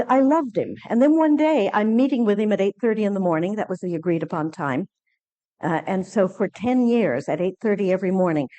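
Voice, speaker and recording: A woman at a conference lectern, telling a personal story in a lively way and acting out the dialogue. She often pauses on fillers and restarts her sentences. Her voice sits at a middle pitch for a woman. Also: lo-fi sound. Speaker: conference speaker. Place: conference lecture hall.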